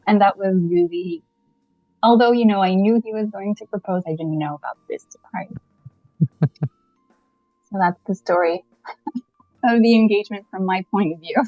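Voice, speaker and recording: A woman from Canada, a podcast guest, telling a personal story in a lively, casual way and laughing often as she goes. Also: medium pitch, normal speed, long pauses, dry recording, highs cut off, faint music behind.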